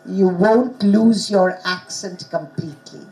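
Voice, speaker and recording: A woman's voice: on the low side, takes it slowly, warm tone, rough recording. A woman who is not a native English speaker, presenting a conference workshop on pronunciation and questioning her audience. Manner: engaging, asks the audience questions. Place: conference hall.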